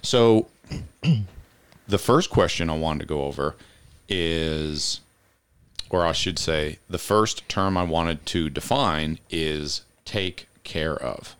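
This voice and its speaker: A man's voice: very deep voice, takes it slowly, a bit bright, smooth. A man hosting a podcast in casual discussion, methodically insisting on defining terms and laughing easily. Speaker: podcast host. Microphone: headphones with studio mic.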